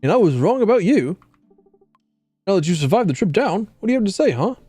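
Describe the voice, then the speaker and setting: A man voicing an excitable young male fish-person, eager and exclamatory, reading game dialogue aloud. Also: on the high side, a little fast, no echo. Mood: amazed.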